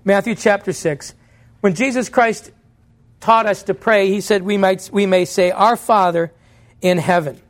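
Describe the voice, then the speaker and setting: A man with a high, light voice preaches a sermon in church. He speaks earnestly, putting questions to his listeners and answering them himself. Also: steady tone, a little slow. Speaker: pastor.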